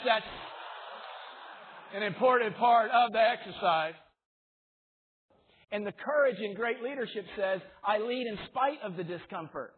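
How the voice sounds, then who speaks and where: A man's voice: high-pitched, measured pace, pauses often, slight background noise. A man giving a motivational keynote speech, joking with the audience and leading them through exercises. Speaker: keynote speaker. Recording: tinny lo-fi speaker demo reel.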